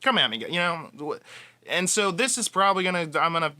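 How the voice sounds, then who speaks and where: A man's voice: sits high, very animated, fairly quick, sharp tone, no echo. A man giving a casual fan monologue, passionate and rambling, with frequent restarts. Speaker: fan commentator.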